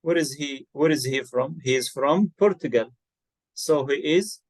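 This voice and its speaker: Male tutor, slow patient delivery, slightly high pitch, spells words aloud, dry close mic. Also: no echo, low-quality recording. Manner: patient, repeats words and spells them out letter by letter. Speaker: English tutor. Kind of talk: online one-to-one English lesson.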